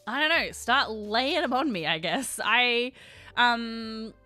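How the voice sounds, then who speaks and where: A woman hosting a casual livestream chat. She thinks out loud, reacts to her chat, and often trails off unsure of herself. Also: a little high, slow, no echo, soft background music. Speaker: livestream host.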